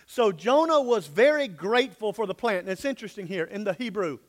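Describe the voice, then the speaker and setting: Man, pastor, sermon, high voice, dramatic, hushed to loud. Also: animated, fairly quick.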